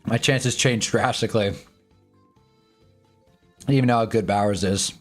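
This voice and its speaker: Soft music plays behind a man whose voice runs on the low side at normal speed. He's hosting a laid-back live sports stream from his own desk mic, chatting loosely with his viewers and swearing now and then.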